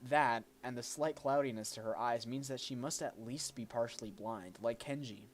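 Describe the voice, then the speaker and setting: A man reading a game's narration aloud on a stream, at an ordinary middle pitch. He stumbles and restarts now and then as he goes. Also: normal speed. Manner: reads aloud with small slips, jokes with a friend. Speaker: streamer reading a visual novel.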